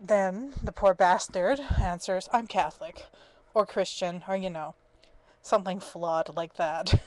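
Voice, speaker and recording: A woman's voice: fairly low pitch, a little slow. A woman in her twenties telling a story in a casual, exasperated webcam rant, often breaking into laughter. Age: 20s. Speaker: vlogger. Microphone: webcam mic.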